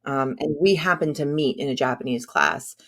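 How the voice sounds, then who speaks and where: Speaking at a moderate pace, this woman has a rumbling low voice. Spanish is her first language, and she chats casually as a podcast guest in a filler-heavy, self-deprecating style.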